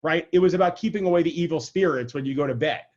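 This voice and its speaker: In a muffled recording, a man speaks fast in a slightly high, slightly mellow voice. He's a rabbi giving an informal adult lecture over video call, chatty in tone, frequently checking "right?" and making light of himself.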